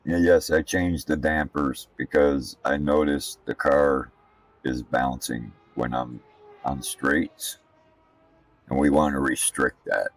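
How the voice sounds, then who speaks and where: Very deep gravelly man, blunt and profane. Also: steady tone, slow, recorded from a distance. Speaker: sim racing streamer. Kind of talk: casual commentary while practicing laps. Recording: voice set back from the mic.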